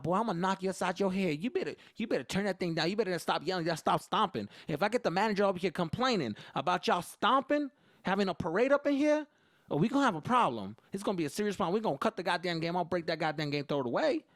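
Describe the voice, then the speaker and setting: A man putting on the voice of a loud, cussing mother scolding noisy kids. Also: lively intonation, fast talker, dry recording, clean studio sound. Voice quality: shrill and cussing. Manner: yelling threats.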